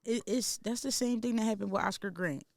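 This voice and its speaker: A man's voice: high voice, brisk, gravelly, no echo. Man, podcast co-host, casual chat, heated, emphatic, profane, dry sound.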